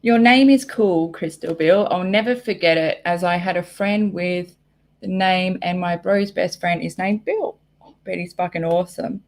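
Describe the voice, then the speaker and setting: An Australian woman hosting a live stream, chatting casually and excitedly with viewers, rambling and swearing freely. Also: lowish voice, normal speed. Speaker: livestream host. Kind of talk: casual live chat reading viewer comments.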